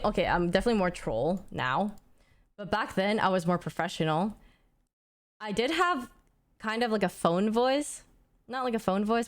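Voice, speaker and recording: A young woman streamer in casual chat, rambling and thinking aloud as she answers questions. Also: mid-range voice.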